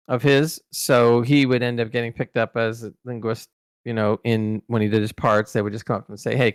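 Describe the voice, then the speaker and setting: A man's voice: medium pitch, no room sound, clean studio sound. A man hosting a podcast, telling behind-the-scenes stories in a rambling, casual way with many restarts. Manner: rambling, many restarts and fillers, animated in anecdotes. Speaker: podcast host recalling interviews. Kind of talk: casual storytelling chat.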